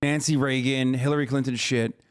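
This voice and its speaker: A man streaming a reaction, talking casually with incredulous, animated commentary. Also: mid-range voice, normal speed, clean tone.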